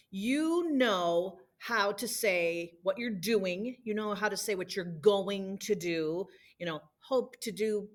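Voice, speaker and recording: A woman teacher talks her students through a recorded lesson at a medium pitch. She explains patiently, one step at a time, and repeats drills for them to follow. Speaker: Spanish teacher.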